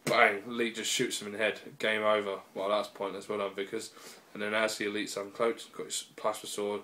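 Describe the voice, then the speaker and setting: A man's voice: fairly low pitch, little pitch movement, brisk, bright, forceful tone, a little hiss or hum. A man giving a casual, rambling spoken review on a laptop mic, peppered with fillers and swearing. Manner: rambling and profane, full of fillers. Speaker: video reviewer.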